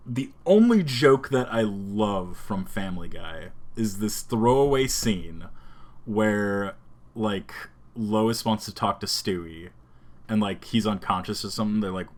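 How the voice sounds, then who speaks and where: A man co-hosting a casual streamed podcast, rambling and animated, often slipping into quick voice impressions. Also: fairly low pitch. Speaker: podcast co-host. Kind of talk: casual chat. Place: home streaming setup.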